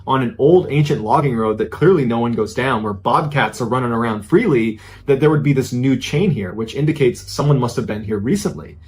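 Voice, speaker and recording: A man tells a ghost story in a husky, mid-pitched voice. He keeps it conversational and builds suspense, sinking lower and quieter at the tense beats. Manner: conversational, suspenseful, dropping low at tense moments. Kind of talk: spooky storytelling narration.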